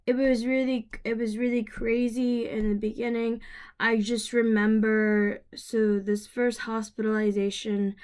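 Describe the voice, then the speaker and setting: A young woman casually telling her own story to the camera, rambling with many fillers, restarts and laughs. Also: a little high. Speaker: vlogger.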